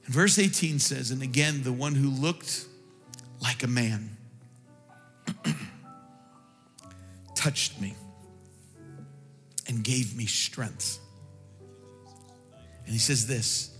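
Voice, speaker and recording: A man preaches a sermon in a bright, forceful voice, his delivery swelling from quiet reflection to impassioned, nearly sung peaks. Long church reverb trails his words, with soft music underneath. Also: mid-range voice, a little slow, long pauses. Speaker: pastor.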